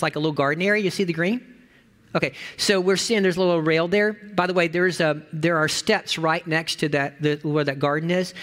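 A man preaching a sermon, telling a story, reading scripture slowly and solemnly, dropping soft and low on somber lines. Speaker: pastor.

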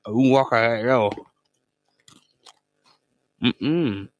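A man co-hosting a podcast in casual chat, telling stories in slang with sudden high exclamations. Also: very slow, no room sound, lo-fi sound. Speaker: podcast co-host.

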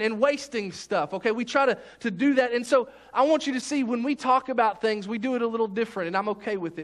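A man's voice: extremely high pitch, a bit bright. A man preaching a sermon as pastor, in a folksy, conversational way with many restarts.

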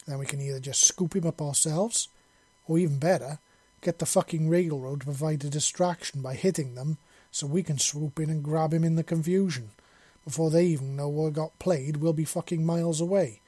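A man voicing a gruff, scheming army sergeant who talks bluntly and swears. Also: on the high side, normal speed, warm tone, no room sound, close to an everyday voice.

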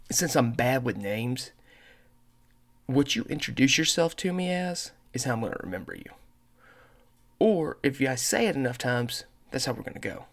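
Man, podcast host, loose rambling storyteller who curses freely. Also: medium pitch. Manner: says he has a terrible accent and mispronounces words. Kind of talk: casual monologue.

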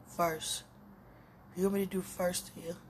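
A woman's voice: on the low side, level tone, normal speed, a little hiss or hum. A woman podcaster talking in a casual, intimate monologue that rambles and often turns to prayer.

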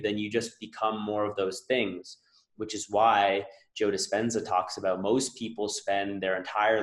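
Man, low voice, earnest podcast host, roomy echoey sound. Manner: earnest, explaining with analogies. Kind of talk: reflective podcast conversation.

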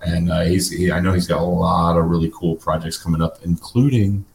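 Deep-voiced man chatting, roomy sound. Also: fairly even intonation, brisk, vocal fry, a little hiss or hum. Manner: enthusiastic and playful. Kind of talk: casual chat.

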